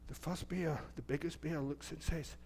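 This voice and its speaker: A man's voice: fairly high pitch, fairly even intonation, normal speed, a little mellow, slight background noise. A middle-aged Scottish man, a minister, telling a children's story in church in a chatty, playful way and asking the children questions. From Scotland. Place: church sanctuary.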